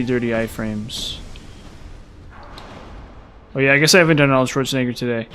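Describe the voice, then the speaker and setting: A man's voice: mid-range voice, normal speed, long pauses, fairly bright tone, soft background music. A man giving casual, rambling gameplay commentary as a streamer, chatty and full of filler words. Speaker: game streamer.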